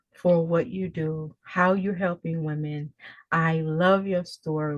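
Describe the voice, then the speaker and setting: A woman's voice: low voice, no room sound, lo-fi sound. A woman coach hosting an interview, effusive and full of praise, speaking often of God. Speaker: coach and host. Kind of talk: emotional interview.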